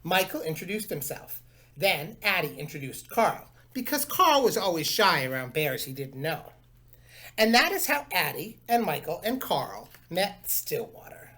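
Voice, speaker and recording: A male teacher chatting to his class and reading a picture book aloud, animated and chatty. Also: high voice, measured pace.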